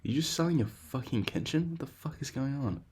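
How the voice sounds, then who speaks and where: A young man hosting his own podcast in loose solo chat, excitable and profane, jumping between loud outbursts and hushed whispers. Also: medium pitch, a little fast, slightly rough. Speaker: podcast host.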